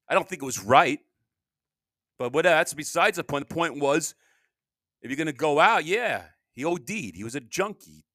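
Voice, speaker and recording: A tired middle-aged man rambles through a solo podcast monologue, with a mid-pitched voice that rises and falls a lot. He keeps cutting himself off and swings between loud bursts and low mumbles. The sound is close and dry, with no room around it. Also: no room sound. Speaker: podcast host.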